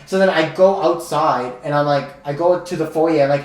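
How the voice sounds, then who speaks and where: A podcast co-host telling a story in casual chat, cursing freely and acting out the quoted lines loudly. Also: mid-range voice, quick pace, few pauses. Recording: echoey room, mic at a distance.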